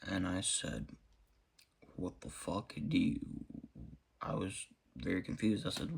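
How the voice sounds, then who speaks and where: A young man quietly recounting a personal story, halting with many fillers and restarts. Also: low voice, animated, vocal fry, slight background noise. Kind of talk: storytelling monologue.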